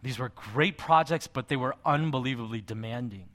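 A middle-aged male pastor preaching a sermon, telling a personal story in a conversational way with soft asides. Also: mid-range voice, moderate pace.

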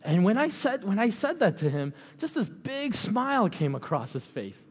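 A man's voice: high-pitched, sing-song, moderate pace, slightly rough. A middle-aged man preaching a sermon in a loose, conversational way with many fillers and chuckles. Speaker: pastor. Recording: long hall reverb.

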